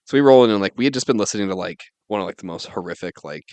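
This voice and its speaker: A man's voice: on the low side, lively intonation, rapid-fire, a little mellow, dry recording. A man in his twenties telling a rambling story to friends on a podcast, filling nearly every phrase with "like". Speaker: podcast co-host. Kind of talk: casual storytelling among friends.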